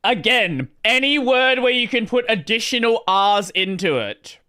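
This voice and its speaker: High, lively Australian man. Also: a little slow, clean tone. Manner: animated, swears freely, plays with pronunciations. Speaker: streamer host. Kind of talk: casual gaming stream chat.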